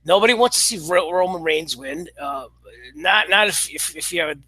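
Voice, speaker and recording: A high-voiced man with a bright, tense tone gives a casual review monologue, sounding exasperated and sarcastic. He talks in halting bursts, stumbling over restarts and fillers. The sound is dry and close, with no room around it. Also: husky, no echo. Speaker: wrestling commentator.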